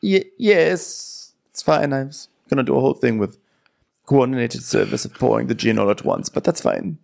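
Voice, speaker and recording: A man putting on the voice of an eager male waiter who turns flustered, rambling in a hurried, deflated way. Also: mid-range voice, vocal fry, a little mellow, pitched above the performer's own voice.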